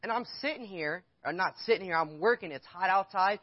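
Speaking fairly quickly in a high-sitting voice, the pastor delivers a candid, conversational sermon in church. He shares a personal story and asks the congregation questions; the recording is dry, dull, and lo-fi.

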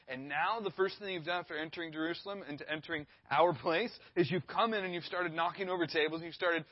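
Laid-back youth pastor guy, talks fast, bit high, dull dry recording. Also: no room sound. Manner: laid-back, storytelling, acts out quoted voices. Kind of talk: sermon with personal story.

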